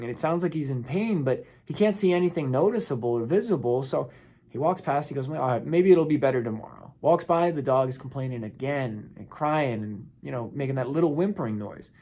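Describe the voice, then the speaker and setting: Male motivational speaker, 30s, slightly high voice, earnest storyteller. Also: expressive, normal speed, a little mellow. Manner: earnest, quoting characters in the story with small voice shifts.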